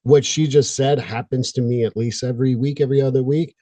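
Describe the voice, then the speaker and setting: A man's voice: medium pitch, fairly even intonation, brisk, warm tone, dry recording. A man hosting an interview podcast, a therapist who talks bluntly and jokes around, pushing for real talk. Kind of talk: casual interview chat.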